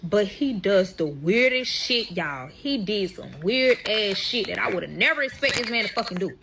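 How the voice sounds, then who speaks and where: A woman's voice: mid-range voice, lively intonation, normal speed, creaky, a loud crowd. Young woman telling a profane storytime. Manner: profane, addresses viewers as y'all. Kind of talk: casual storytime to camera.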